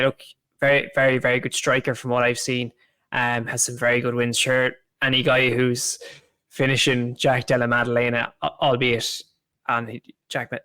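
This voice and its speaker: Male co-host, mid-pitched, casual and rambling, dry close sound. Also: pushed and bright, smooth, no room sound. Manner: rambling, restarts often, casual swearing. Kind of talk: casual chat.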